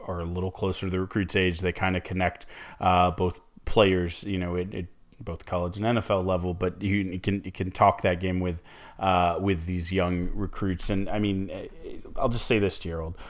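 A man's voice: sits low, little pitch movement, moderate pace. A man co-hosting a casual sports podcast, rambling with many restarts and fillers. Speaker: co-host.

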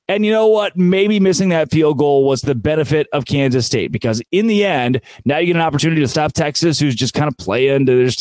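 A man hosting a college football recap show, ranting with exasperated sarcasm and animated swings in his voice. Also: on the high side, dry recording. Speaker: sports show host.

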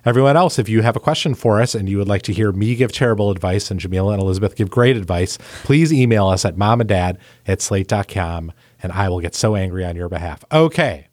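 A man's voice: lowish voice, fast talker, few pauses, a little mellow, no room sound. A man hosting a parenting podcast, introducing topics and guests conversationally. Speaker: podcast host.

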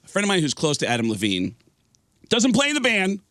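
A man telling a long anecdote on a radio show, animated, slipping into other voices as he goes. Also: high-pitched, fairly quick, dry recording, clean studio sound. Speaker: guest storyteller. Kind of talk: casual radio show chat.

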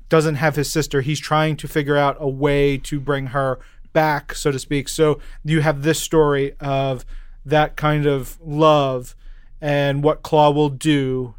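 A man's voice: fairly high pitch, clean tone, dry recording, studio quality. A man hosting a comics podcast, upbeat and joking, in a casual chat. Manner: upbeat, joking, quick asides. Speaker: podcast host.

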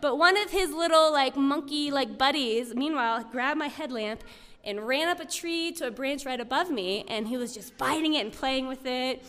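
A woman's voice: sits high, moderate pace, fairly bright tone. A woman telling a personal story to an audience, in a chatty way full of "like" and "um". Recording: long reverb of a hall.

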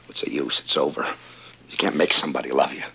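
A man's voice: a bass voice, steady tone, quick pace, creaky, pushed and bright, heavily acted. An actor playing a heartbroken, bitter middle-aged man in a television drama, sulking and feeling sorry for himself. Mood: dejected. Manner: sulky, self-pitying outbursts.

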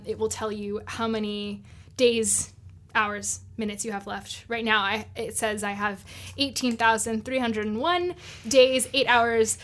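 A woman's voice: on the high side, fairly bright tone. A woman hosting a podcast, talking in a friendly, hesitant way with frequent fillers. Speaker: podcast host. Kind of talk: casual panel chat.

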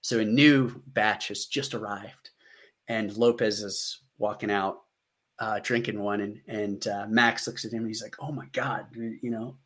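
A man in his thirties, a military veteran, telling a story casually and animatedly, lifting his voice to act out what people said. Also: measured pace. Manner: animated, acts out quotes with raised pitch.

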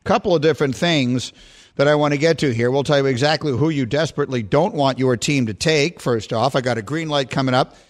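A middle-aged man hosting a sports talk show, telling a story with lively quoted voices. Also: brisk. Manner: animated storyteller, voice jumps high when quoting. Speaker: sports radio host.

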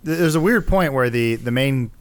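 A man's voice: medium pitch, expressive, normal speed, no room sound. A man co-hosting a podcast, recapping a movie plot in casual chat, rambling and correcting himself with wry asides. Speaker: podcast co-host.

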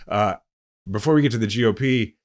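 A man hosting a podcast, explaining political news in a relaxed, chatty way. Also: lowish voice, a little fast. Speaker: podcast host. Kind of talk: casual political commentary.

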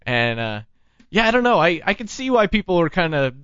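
A man's voice: high voice, very animated, a little fast, a bit bright, clean tone, dry recording, lo-fi sound. A man hosting a casual talk show, telling rambling stories with plenty of restarts. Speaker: podcast host. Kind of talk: casual chat.

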